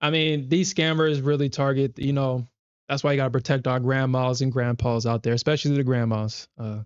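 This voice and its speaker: A man's voice: mid-range voice, steady tone, a little fast, smooth, dry recording, muffled recording. A man hosting a live stream, chatting casually, telling stories in slang and laughing often. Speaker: live-stream trading host. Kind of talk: casual chat.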